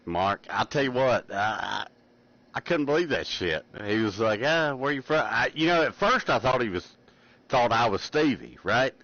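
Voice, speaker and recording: A man's voice: lowish voice, very animated, normal speed, fairly bright tone. A man hosting a casual gaming session, teasing his friends in a laid-back way and laughing easily. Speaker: channel host and gamer. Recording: lo-fi voice chat with noise.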